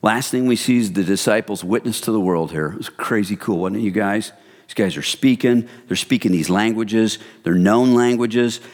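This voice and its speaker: A man preaching a sermon in a conversational, animated storytelling manner, often speaking directly to the congregation. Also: fairly low pitch, normal speed. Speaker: pastor. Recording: long hall reverb.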